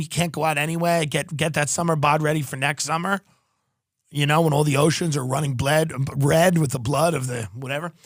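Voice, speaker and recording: A man's voice: on the high side, fairly bright tone, no room sound. A male podcast host doing a rambling, sarcastic comedic ad read, full of profanity.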